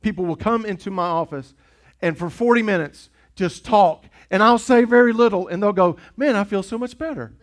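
A man's voice: high voice, moderate pace. A man preaching a sermon as pastor, impassioned and urgent, often repeating himself for emphasis. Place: church sanctuary.

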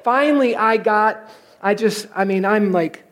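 A middle-aged man preaching a sermon in a church. He tells stories with lively energy and pokes fun at himself, sometimes acting out his own frustration. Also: high-pitched, takes it slowly. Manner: animated, self-mocking storyteller who acts out his frustration. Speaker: pastor. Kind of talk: sermon with a personal story.

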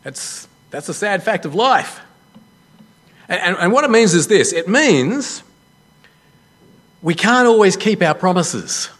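Animated man preaching a sermon. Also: high-pitched, slow pace, long pauses. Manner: animated storytelling with self-deprecating jokes. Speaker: pastor.

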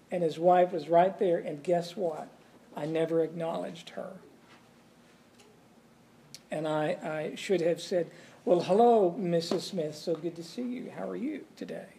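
A man's voice: high-pitched, creaky, a little mellow, a little hiss or hum. A man teaching a Bible study in a sermon style, reading scripture aloud and explaining it earnestly with frequent restarts.

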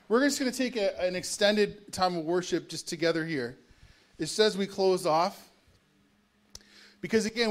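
A man preaching as a pastor, emphatic, with repeated phrases and restarts. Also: high-pitched. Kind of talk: sermon. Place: church sanctuary.

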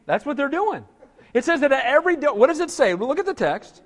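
Animated high-voiced male preacher in a hall. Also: fast talker. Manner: animated, acts out whining voices, rhetorical questions. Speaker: pastor. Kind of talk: sermon.

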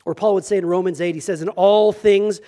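A man preaching a sermon at a church service. He moves from loud, emphatic scripture reading to quiet, joking asides. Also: sits high, steady tone, fairly quick. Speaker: pastor.

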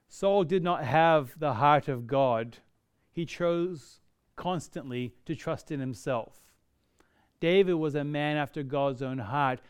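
A man's voice: on the high side, clear, resonant tone. A man preaching a sermon, earnest and building to emotional intensity. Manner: earnest, rising to emotional intensity on quoted prayers.

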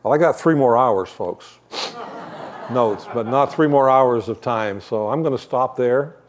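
A man's voice: medium pitch, normal speed. Older guy preaching, chatty, cracks little jokes, shows off props as he goes. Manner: conversational, with joking asides; demonstrating with shepherd props. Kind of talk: sermon.

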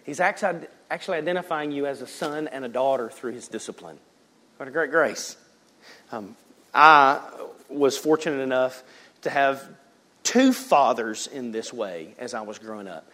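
A male pastor preaching in a conversational way, telling a personal story with joking asides and quick restarts. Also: medium pitch, pushed and bright.

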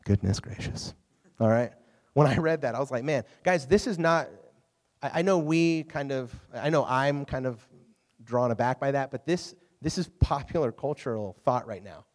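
A man preaching to a youth group, casual and animated, often asking the audience questions. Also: medium pitch, normal speed, in a large hall. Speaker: youth pastor. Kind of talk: youth sermon.

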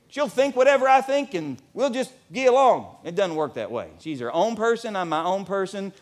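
A pastor in his forties preaching a sermon in a church, animated and at times nearly shouting. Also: on the high side.

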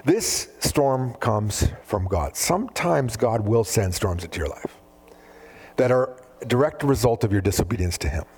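A man preaching a sermon, animated, often acting out biblical dialogue in different voices. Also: on the low side, moderate pace, husky. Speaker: pastor.

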